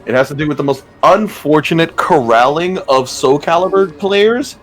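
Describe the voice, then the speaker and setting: Lively, higher-voiced man telling stories. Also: moderate pace. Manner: animated, profane, acts out voices in his stories. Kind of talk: casual chat, storytelling.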